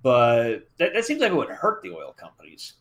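A man's voice: medium pitch, huge pitch swings, normal speed. A man in his thirties co-hosting a podcast in casual chat, rambling with many fillers and restarts. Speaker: podcast co-host.

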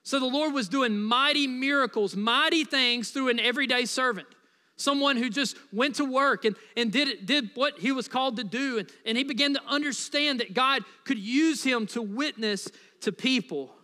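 A man from the United States preaches a sermon in a high, bright voice. He talks to the congregation casually and playfully, with plenty of asides. The recording carries the long reverb of a church hall. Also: normal speed. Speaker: pastor.

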